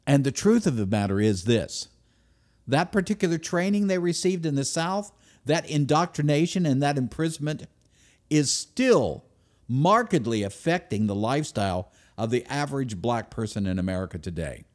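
A man giving a speech to an audience, emphatic, with sudden loud stresses and drops to a near-whisper. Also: mid-range voice, expressive, normal speed. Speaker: speaker.

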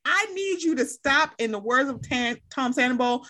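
This is a woman in casual conversation with a bright, sharp-edged voice that sits a touch high. She talks with animated, profane energy and slips easily into acted-out rants. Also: normal speed. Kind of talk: casual chat.

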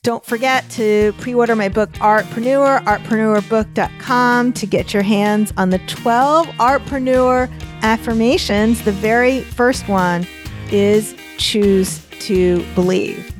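A middle-aged woman hosting a solo podcast, telling personal stories in a chatty way with animated restarts. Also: a little high, slow pace, soft background music. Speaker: podcast host.

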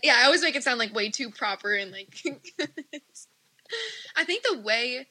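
A woman's voice: high-pitched, very animated, unhurried, bright, forceful tone, husky, rough recording. A woman from the United States, chatting casually with many fillers and frequent laughter. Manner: giggly, chatty, lots of fillers. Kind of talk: casual chat.

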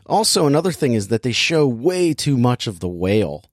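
A man's voice: medium pitch, big pitch swings, moderate pace, no room sound, clean studio sound. A man casually reviewing a film in a chat, rambling and filling his talk with "like" as he restarts his sentences. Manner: rambling, heavy use of "like", self-interrupting. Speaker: podcast movie reviewer.

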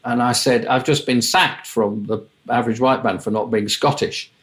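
A man's voice: mid-range voice, fairly even intonation, moderate pace, a bit bright. Older man, wry raconteur, interview guest, mimics voices. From England. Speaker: music manager and guest. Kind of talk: anecdotal interview storytelling.

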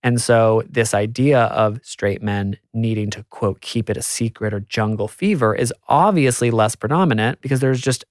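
A man hosting a casual podcast conversation, reflective and chatty. His voice sits at a middle pitch and sounds close and dry, with no room around it. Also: normal speed, few pauses, no room sound. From America. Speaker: podcast host.

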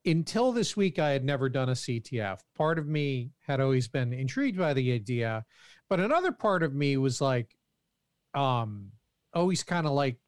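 A man's voice: mid-range voice, very animated, normal speed, clean tone, dry recording. Joking man on a dry mic. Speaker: podcast co-host. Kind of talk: casual tech chat.

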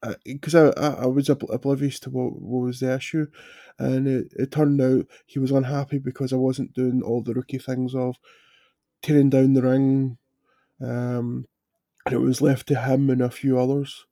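Man, very mellow tone, monotone, hesitant with fillers, dry close sound. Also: medium pitch, creaky, dry recording. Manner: hesitant, halting, lots of fillers. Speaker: podcast guest, wrestler. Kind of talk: casual podcast chat.

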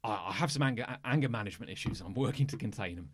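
A man's voice: lowish voice, very fast, breathy edge, pitched below the performer's own voice. A man voicing a hot-tempered half-metal bruiser. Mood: sheepish. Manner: blustering, then forced calm.

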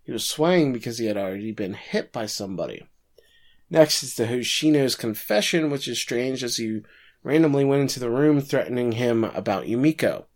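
A man with a middle-pitched voice talks through a story's events in a casual chat. His tone stays conversational and relaxed as he lays out what happens. He drops in quick asides along the way. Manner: recaps plot in long runs, with quick quips and laughs. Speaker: podcast co-host recapping an anime episode.

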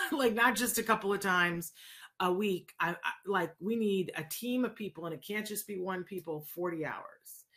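A woman hosting a casual live chat, answering viewers in an animated, conversational way and often checking in with "right?". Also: medium pitch, normal speed. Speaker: host answering viewer questions.

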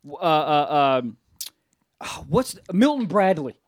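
A man's voice: fairly high pitch, sing-song, slow pace, dry recording, studio quality. A man co-hosting a podcast, tossing blunt, crude wisecracks in casual chat. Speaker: podcast co-host.

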